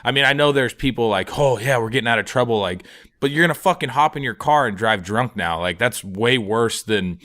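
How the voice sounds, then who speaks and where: A man's voice: mid-range voice, lively intonation, fairly quick, pushed and bright. A man in his twenties on a comedy podcast, telling a story in a rambling, profane way, full of fillers. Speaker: podcast co-host. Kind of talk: casual storytelling chat.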